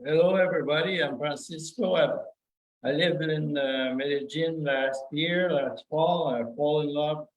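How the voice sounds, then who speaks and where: A man introducing himself slowly and haltingly, correcting himself as he goes. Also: fairly high pitch, poor audio. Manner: slow, halting, self-correcting. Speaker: co-host. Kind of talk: casual introduction.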